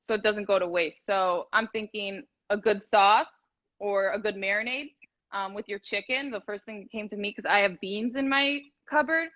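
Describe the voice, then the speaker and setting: A woman's voice: medium pitch, normal speed, highs cut off. A woman chatting casually as a guest cook, rambling with lots of fillers, over a video call. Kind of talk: casual cooking chat.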